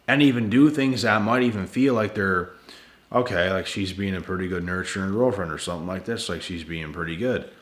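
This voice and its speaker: A man's voice: fairly low pitch, a bit bright, reverberant. A man hosting his channel, giving relationship advice in a blunt, repetitive casual monologue late at night, sounding tired and talking to viewers as guys and bro. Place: at home indoors.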